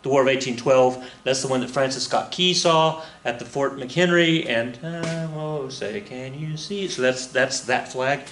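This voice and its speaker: A man's voice: medium pitch, moderate pace, hardly any pauses, fairly bright tone, slight background noise. A man teaching a history lesson in a casual, rambling way, with lots of fillers, restarts and chuckles. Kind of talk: casual recorded lecture. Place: room with a flag on the wall. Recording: echoey room.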